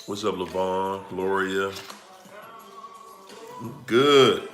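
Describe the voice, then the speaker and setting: A man hosting a casual livestream, greeting viewers in a laid-back, playful way with drawn-out greetings and frequent laughs, speaking from a room at home. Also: low-pitched, a bit bright. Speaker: livestream host. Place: home room during quarantine. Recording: echoey room with faint music. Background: faint music.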